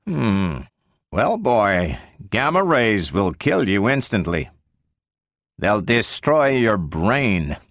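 Role: man voicing a brisk male scientist. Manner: probing, lively. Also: lowish voice, dry recording, clean studio sound, heavily acted. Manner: brisk, probing, sometimes sharp. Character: brisk middle-aged male scientist questioning a robot.

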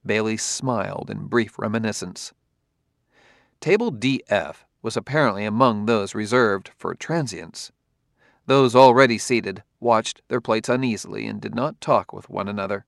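A man narrating a novel in a steady, even storytelling manner. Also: lowish voice, moderate pace, gravelly, no echo, clean studio sound. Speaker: audiobook narrator. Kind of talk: scripted narration.

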